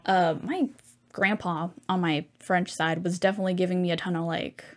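A woman's voice: lowish voice, fairly even intonation, moderate pace. Chatty teen girl rambling on her podcast. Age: teens. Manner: rambling, filler-heavy, chatty. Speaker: podcast host. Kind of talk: casual podcast monologue.

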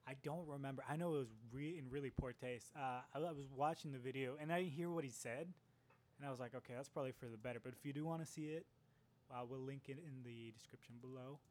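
A young man talks casually with friends on a podcast, drifting into a tangent and leaning on likes and restarts. His pitch is ordinary, in the middle range for a man. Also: fast, a little mellow. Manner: loose, chatty storytelling full of likes. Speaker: podcast co-host. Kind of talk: casual comedic chat.

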